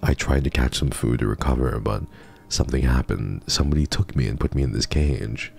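A man reading the lines of a weary, loyal talking cat in a horror game, in his own gentle voice. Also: a bass voice, brisk, gravelly, husky, full character voice. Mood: tender.

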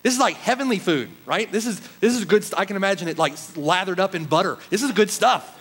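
Guy pastor preaching, pretty high voice, punchy questions at the crowd. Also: quick pace, fairly bright tone, rough recording. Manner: emphatic preaching with rhetorical questions. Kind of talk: sermon. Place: church.

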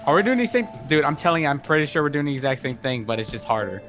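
A man's voice: fairly high pitch, big pitch swings, racing. A young man chatting casually with friends while playing a video game, complaining, swearing and laughing as he plays, with game music behind him. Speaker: gamer streaming with friends. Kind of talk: casual gaming chat.

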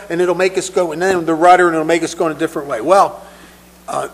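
A man with a fairly high voice shares personal stories at a recovery meeting, speaking conversationally and often repeating words as he starts over. The audio is poor, with slight background noise.

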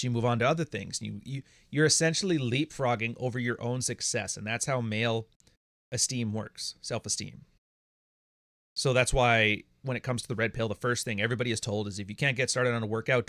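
A man's voice: medium pitch, fairly bright tone, no room sound. A man hosting a casual monologue from his home studio, blunt and profane, often laughing. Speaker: podcast host.

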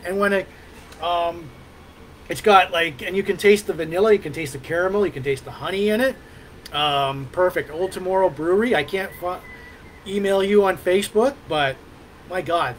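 High-voiced rambling livestream host. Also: male voice, a bit bright, a little hiss or hum, low-quality recording. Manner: rambling, many fillers and restarts. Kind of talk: casual livestream chat.

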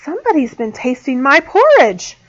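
A woman voicing a middle-sized mama bear in a storybook, in a steady, slightly raised voice. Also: high-pitched, normal speed, dry recording. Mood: indignant. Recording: dull lo-fi sound.

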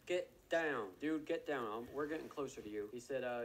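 Excitable man narrating his gameplay. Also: mid-range voice, normal speed, few pauses, slight background noise, poor audio. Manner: excitable, gasping and exclaiming often; talks to viewers and teammates. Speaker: gaming video creator. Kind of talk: live gameplay commentary.

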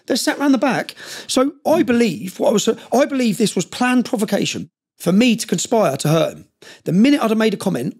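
Man, middle-aged, rapid speech, somewhat high voice, intense, storytelling podcast guest. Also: creaky, darkish tone, slightly rough. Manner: intense, rapid, keeps checking in with "yeah?". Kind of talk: storytelling in conversation.

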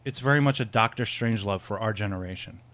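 A man's voice: fairly low pitch, fast talker, a bit bright. A man co-hosting a casual film podcast, rambling and laughing often, with many restarts. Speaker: podcast co-host.

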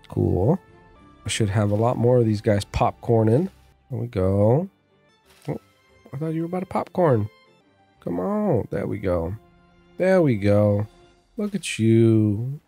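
A man talks through his building game in a loose, chatty way, his pitch bouncing up and down as he goes. His voice is mellow and warm, close on a dynamic mic. Faint game music plays behind him. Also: vocal fry, breathy edge. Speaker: gameplay streamer. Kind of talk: casual gameplay commentary. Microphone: dynamic mic on boom arm.

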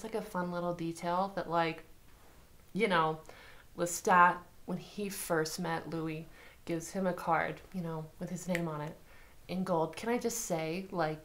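A young woman vlogging a reaction to a trailer, excitable and gushing, with casual swearing. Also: fairly low pitch.

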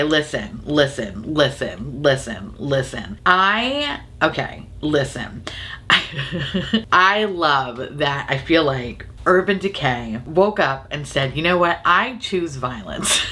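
A young woman, sick and nasal from a sinus infection, hosting a casual makeup chat, animated and profane and laughing often. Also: deep voice. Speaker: makeup video host.

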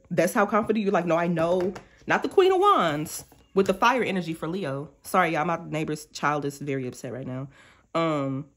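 A woman giving a casual tarot reading to her viewers, chatty and slangy, often breaking off to act out quoted thoughts. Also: deep voice. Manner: chatty, animated, slangy and self-interrupting, acting out quoted thoughts. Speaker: tarot reader.

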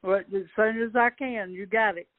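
A woman phones in to a radio show and speaks politely, with a few hesitant stumbles. She comes through as a tinny phone line at a middle pitch. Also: steady tone, normal speed, no echo. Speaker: caller.

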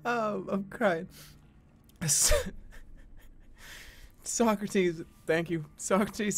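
A man's voice: high-pitched, extremely slow, pauses often. A young adult man streaming a game in casual commentary, laughing often, exclaiming and swearing freely.

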